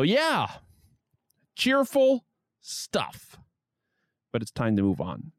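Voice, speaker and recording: A man's voice: medium pitch, no room sound, studio quality. A man hosting a history podcast, reading a scripted narration with wry asides. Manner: lively storytelling with wry asides. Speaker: podcast host.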